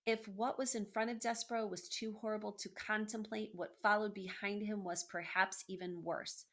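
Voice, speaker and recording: A woman reading a children's book aloud, gently, with asides to her listeners. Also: mid-range voice, little pitch movement, normal speed. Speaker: storyteller.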